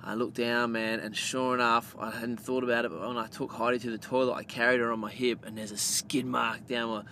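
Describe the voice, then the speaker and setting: A man's voice: medium pitch, fairly quick, slight background noise. A man with an Australian accent hosting a podcast, telling a rambling story in casual, swear-filled chat and calling his listeners mate. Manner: gets loud and animated telling the punchline. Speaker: podcast host.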